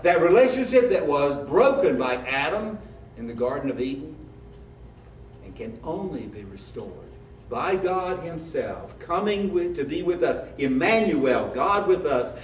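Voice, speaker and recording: A man's voice: on the high side, very animated, measured pace, slight background noise. A man preaching a sermon as a pastor, in a conversational style with rhetorical questions. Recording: echoey room, mic at a distance.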